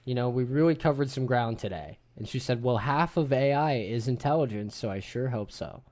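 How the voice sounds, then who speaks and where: A man in his thirties hosts a relaxed group podcast in an ordinary mid-range voice. He tells stories with animated energy and drops casual swearing along the way. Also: medium pitch, fairly quick. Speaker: podcast host.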